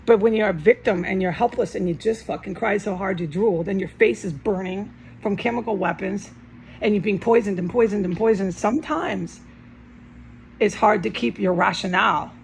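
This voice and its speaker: A woman rants into her camera from indoors, agitated and swearing hard. Her voice carries a rough, gravelly fry, pitched in an ordinary middle range. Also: moderate pace, a little hiss or hum, low-quality recording. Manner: agitated, ranting, heavy swearing. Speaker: vlogger. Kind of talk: angry rambling monologue to camera. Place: indoors at home.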